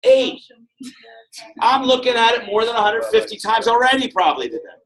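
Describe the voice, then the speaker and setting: A man with a high, lifted voice delivers a lively motivational sales talk to a room full of people. He jokes constantly and acts out short exchanges between characters. His tone bounces around freely. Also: normal speed, a crowd in the background, poor audio. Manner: animated, joking, acts out dialogues. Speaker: motivational speaker.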